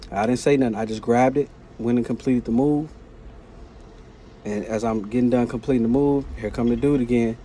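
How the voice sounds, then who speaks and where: A man vlogging, telling a story in a casual, animated, slang-filled way. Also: medium pitch, brisk, a little hiss or hum. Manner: animated, slangy retelling of a work conflict.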